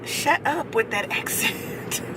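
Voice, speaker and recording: A woman in her thirties, a vlogger chatting to her viewers in an animated, talkative way from a moving car, quick to laugh. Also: sits high. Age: 30s. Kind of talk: casual chat to camera. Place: passenger seat of a moving car. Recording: road noise inside a moving car.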